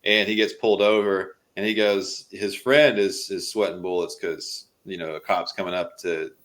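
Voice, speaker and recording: Deep-voiced man, loose and profane. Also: fairly even intonation, moderate pace, a bit bright. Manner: loose and profane, swears freely. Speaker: podcast guest. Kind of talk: casual chat.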